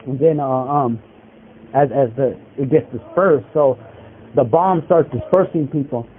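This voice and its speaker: A man's voice: mid-range voice, a little slow. A man in prison telling a story in casual street slang, rambling with lots of fillers, over a phone call. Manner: rambling, filler-heavy street slang, many likes and bros. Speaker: incarcerated interviewee telling a story. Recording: tinny prison phone line with faint hiss.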